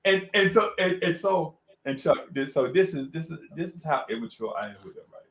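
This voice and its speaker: A man's voice: a little high, brisk, roomy sound. A man co-hosting a radio show, telling a story in casual slang and acting out other people's lines with animation. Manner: animated, slangy, acts out voices. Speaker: radio co-host. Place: radio studio.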